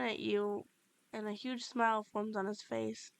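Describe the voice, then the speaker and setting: A woman's voice: mid-range voice, flat delivery, a little slow, vocal fry, smooth, no room sound. A woman narrating a second-person fan-fiction story, reading steadily with small slips and restarts. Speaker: fanfiction reader.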